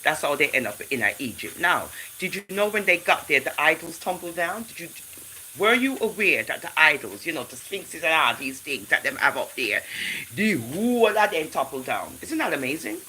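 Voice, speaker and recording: This livestream host is a woman with a low-pitched voice and a Jamaican accent who speaks at a moderate pace. She reads scripture aloud in an animated, preachy style and thanks her chat viewers individually by name, over low-quality audio with a faint hiss or hum.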